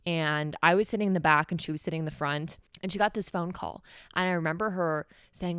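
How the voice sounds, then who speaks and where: A woman's voice: on the low side, fairly quick, a bit bright, clean tone, dry recording, studio quality. A young woman from New Mexico hosting a solo podcast, telling a personal story in a candid, conversational way with many "like"s. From New Mexico, USA. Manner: candid, conversational, heavy use of "like". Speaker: podcast host.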